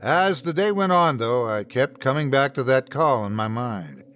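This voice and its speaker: A man narrating a first-person horror story in an expressive, dramatic storytelling manner. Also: medium pitch, normal speed, smooth.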